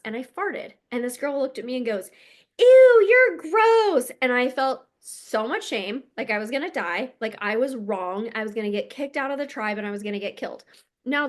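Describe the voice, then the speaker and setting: Casting: woman energy coach, higher-pitched, blunt and emphatic, casual swearing monologue.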